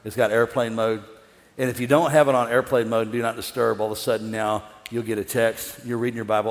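A middle-aged man preaching a sermon as pastor, animated, swinging from loud excitement down to hushed calm. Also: medium pitch, brisk. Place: large church hall with an audience. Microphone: wireless stage mic. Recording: long hall reverb.

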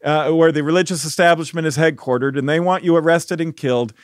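A man's voice: fairly high pitch, fairly even intonation, fast talker, no room sound, clean studio sound, close to an everyday voice. A preacher acting out a sarcastic, fearful disciple who jokes to hide his fear. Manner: sarcastic, joking.

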